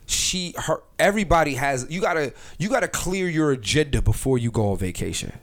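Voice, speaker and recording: A man hosting a comedy podcast, talking in a rambling, profane, animated way with lots of restarts. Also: fairly high pitch, brisk. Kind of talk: casual comedic podcast chat.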